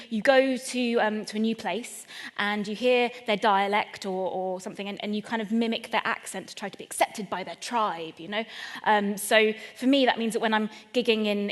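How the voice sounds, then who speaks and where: A woman's voice: medium pitch, big-room sound. A woman from England doing a stand-up comedy talk, chatty, playful and self-deprecating, speaking straight to a live audience. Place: event venue in front of a live audience.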